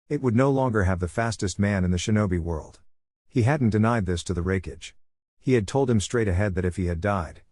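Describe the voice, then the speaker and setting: A man reads fan fiction aloud in a steady, plain way. His voice sits on the low side. The recording is dry and close, with no room around it. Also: dry recording. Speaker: narrator.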